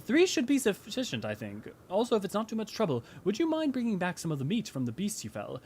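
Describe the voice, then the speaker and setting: A man's voice: high voice, wildly swooping pitch, fast talker, darkish tone, a little hiss or hum, pitched above the performer's own voice, full character voice. A man voicing an eager, helpful male camp worker in a game who chats cheerfully while handing out a task. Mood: friendly.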